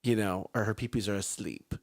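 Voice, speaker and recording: A man co-hosting a morning talk show, giggly and animated as he chats about family life. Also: fairly low pitch, brisk. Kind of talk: casual chat.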